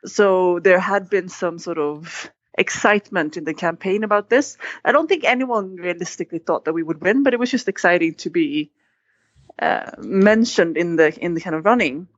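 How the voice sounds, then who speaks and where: A woman's voice: lowish voice, normal speed, no echo. A woman guest in an interview, telling a story with animation and acting out quoted lines. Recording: dull, dry sound.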